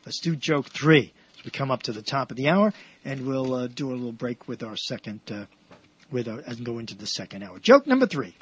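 A man hosting a radio show, telling jokes in a rambling way with many restarts and animated punchlines. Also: medium pitch, a little fast, breathy edge, muffled recording.

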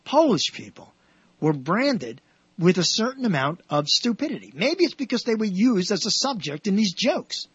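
A man hosting a radio show, telling jokes in a rambling way with many restarts and animated punchlines. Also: sits high, normal speed, breathy edge, no echo, dull audio.

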